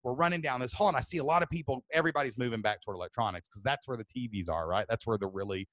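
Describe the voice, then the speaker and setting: A loud, animated man with a drawl, spinning a story with big bursts of energy. His voice sits at an ordinary middle pitch and sounds close and dry, with no room around it. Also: no echo. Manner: loud, excitable, fast-moving. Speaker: podcast host.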